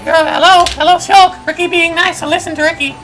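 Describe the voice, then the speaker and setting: Woman putting on a high little furry guy, boastful, broken grammar, music under it. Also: fast, low-quality recording. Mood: excitable. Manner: broken childlike grammar, excitable. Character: small boastful fluffy male creature, cheerful. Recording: game music behind.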